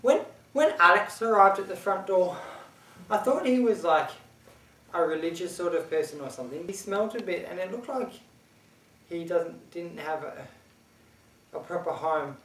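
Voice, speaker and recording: Earnest, lively-voiced young woman. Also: lowish voice, normal speed. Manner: earnest, naive, hesitant. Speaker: housemate. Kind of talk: mockumentary interview. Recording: roomy, distant mic.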